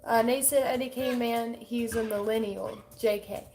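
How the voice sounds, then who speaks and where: A woman's voice: fairly high pitch, steady tone, normal speed, a little mellow, faint music behind. A woman in her twenties co-hosting a casual livestream, reading viewer comments aloud in a loose, chatty way. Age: 20s. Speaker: livestream co-host reading chat.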